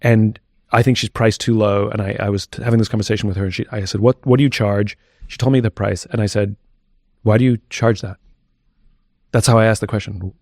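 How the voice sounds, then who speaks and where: A man's voice: lowish voice, fairly even intonation, quick pace, a little mellow, no room sound, clean studio sound. A man talking candidly as an interview guest, reflective and thinking aloud as he goes.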